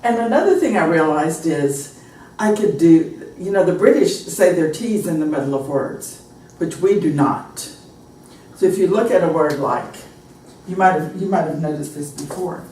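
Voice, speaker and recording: An American woman with a lowish voice teaches a pronunciation class at normal speed, telling animated anecdotes and acting out example phrases. She's recorded from afar in an echoey room, with slight background noise.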